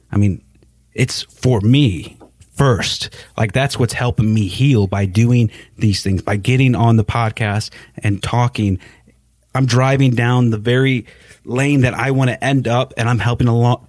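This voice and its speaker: A man's voice: medium pitch, darkish tone, no echo. Man, podcast host, casual, restarts sentences, dry close sound.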